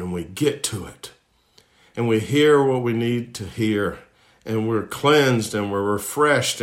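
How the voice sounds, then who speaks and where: Earnest male pastor preaching. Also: on the low side. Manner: earnest preaching, rhetorical questions and lists, swings between raised and hushed voice. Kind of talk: sermon.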